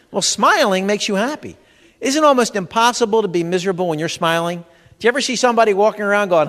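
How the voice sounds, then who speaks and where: A man's voice: sits high, lively intonation, quick pace, fairly bright tone. A middle-aged man doing stand-up comedy as a stress educator, playful and acting out the people he quotes. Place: event hall before a live audience. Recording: reverberant hall.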